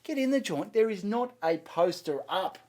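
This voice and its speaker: An Australian comedian telling a lively story on a podcast, swearing and acting out other people's voices. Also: male voice, sits high, normal speed. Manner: animated, swearing, acts out voices. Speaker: comedian guest.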